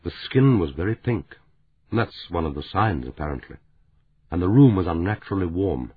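A man voicing a composed older male academic who speaks quietly, calmly and deliberately. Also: deep voice, husky, no room sound. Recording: narrow phone-like audiobook sound.

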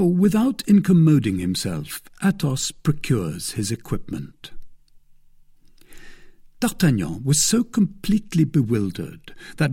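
Expressive husky male audiobook narrator. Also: medium pitch. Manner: expressive, dramatic reading. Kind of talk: scripted narration of a classic novel.

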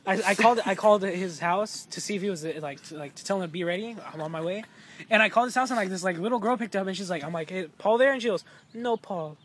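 A man's voice: sits high, racing, a bit bright, slightly rough. A young man telling stories in a casual chat, rambling with lots of "like" and swearing, often laughing. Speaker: podcast co-host.

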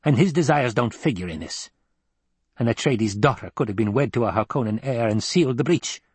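A man's voice: medium pitch, animated, fairly quick, slightly rough, no echo. A man reading an audiobook, voicing a stern, snappish old woman who leads a scheming sisterhood. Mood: cold, scolding. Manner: snappish, sneering, demanding.

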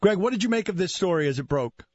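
Husky sports radio host, mock-dramatic. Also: male voice, sits high, lively intonation, fast, a little mellow, no room sound. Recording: muffled radio broadcast.

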